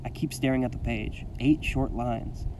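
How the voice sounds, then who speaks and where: A male teacher reading a story aloud to his class in an expressive, dramatic first-person manner. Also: mid-range voice, moderate pace, far from the mic, background noise.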